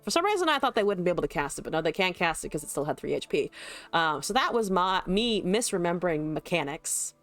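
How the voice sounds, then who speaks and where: Woman streamer, lowish voice, casual swearing commentary, faint music behind. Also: sing-song, fast talker, a bit bright. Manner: chatty, swears, laughs often, talks to chat.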